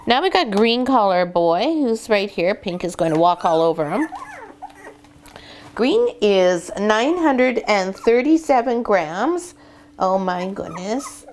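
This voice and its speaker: A woman dog breeder giving puppy-training advice and weighing puppies in a casual vlog, dropping into a soft coaxing voice with the pups. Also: mid-range voice, expressive, slow, slight background noise. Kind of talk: instructional vlog, talking to puppies. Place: sitting in a whelping box with puppies.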